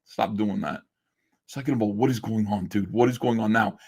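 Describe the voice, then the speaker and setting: A man's voice: fairly low pitch, normal speed, darkish tone, breathy edge. A man hosting a livestream from home, ranting in a sarcastic, mocking, rambling way. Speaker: livestream host. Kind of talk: casual livestream rant.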